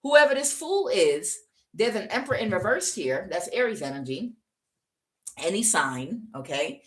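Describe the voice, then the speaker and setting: A woman's voice: medium pitch, sing-song, normal speed. A woman giving a casual, chatty tarot reading, emphatic and full of fillers. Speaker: tarot reader.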